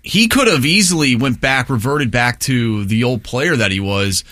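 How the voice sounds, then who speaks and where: Male co-host, bright middle voice, dry sound, earnest sports chat. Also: mid-range voice, animated, moderate pace, no echo.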